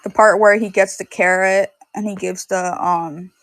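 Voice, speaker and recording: This is a young woman's mid-range, steady voice at normal speed in a dry recording. Nursing a sore, itchy throat, she chats casually on a livestream while selling DVDs and VHS tapes, rambling through stories full of fillers.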